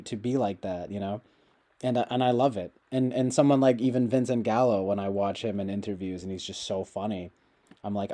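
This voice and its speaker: With a lowish, warm voice, a man rambles casually to the people watching his livestream, wandering from point to point with many fillers and false starts.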